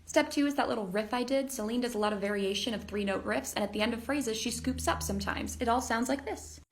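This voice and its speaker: A woman's voice: on the high side, quick pace. A woman explaining step by step, in an upbeat and chatty way, how to sing like pop singers. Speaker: singer and impressionist. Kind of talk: casual singing tutorial.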